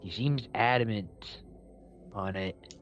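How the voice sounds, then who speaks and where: A man playing a tabletop game, speaking in a flat, resigned way. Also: lowish voice, slow pace, soft background music. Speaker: player.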